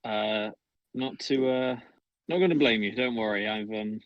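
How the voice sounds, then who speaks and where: A man's voice: fairly low pitch, a little slow, dry recording, muffled recording. A man playing a tabletop game, talking casually and hesitantly with fillers. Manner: casual, hesitant, laughs often. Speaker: player. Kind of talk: tabletop role-play chat.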